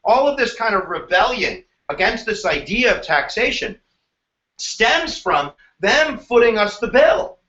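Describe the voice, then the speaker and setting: A male history teacher giving an energetic live exam review, animated and joking. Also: high voice, roomy sound, highs cut off. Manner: animated, joking, slips into silly voices.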